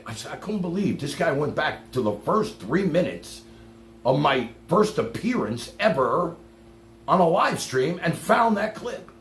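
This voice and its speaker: Man, streamer ranting to chat, lively pitch, echoey room with faint hum. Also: unhurried, pauses often. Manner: fired-up, profane, swings loud then drops low. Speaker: live streamer. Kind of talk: ranting live stream monologue.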